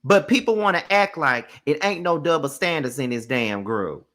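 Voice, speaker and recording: A woman's voice: low-pitched, expressive, moderate pace, fairly bright tone. A woman giving a casual live review of a reality show, blunt, profane and exasperated, repeating her points for emphasis.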